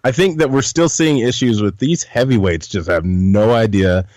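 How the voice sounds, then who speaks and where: A man's voice: fairly low pitch, normal speed, a little mellow, dry recording. A man co-hosting a podcast, chatting playfully and joking in a put-on folksy drawl. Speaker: podcast co-host. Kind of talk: casual podcast chat.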